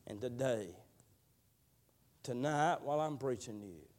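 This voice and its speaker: A man preaching a sermon, telling a slow, drawling testimony that builds into fervent prayer. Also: medium pitch, lively intonation, a little mellow.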